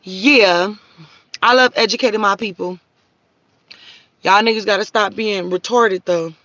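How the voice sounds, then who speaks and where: A woman's voice: medium pitch, measured pace, fairly bright tone, no echo, highs cut off. A woman, hosting a live stream and ranting profanely at her viewers. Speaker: livestream host.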